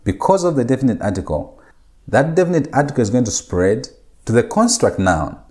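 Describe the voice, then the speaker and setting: A man giving a recorded grammar lecture, patient and explanatory, slowly repeating key words for emphasis. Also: mid-range voice, very animated, dark tone.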